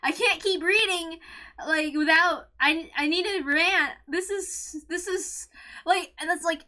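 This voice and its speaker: A woman hosting a read-along, ranting emotionally, close to tears, swearing and shouting with a cracking voice. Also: very high voice, measured pace. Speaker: channel host reading a visual novel aloud. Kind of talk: emotional reaction rant.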